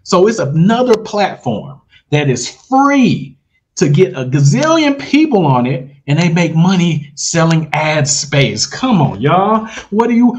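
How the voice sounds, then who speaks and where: A man hosting a casual livestream, giving a hyped, salesy pep talk straight to his viewers, full of slang and repeated phrases for emphasis. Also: high voice. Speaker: host of an online money-making livestream.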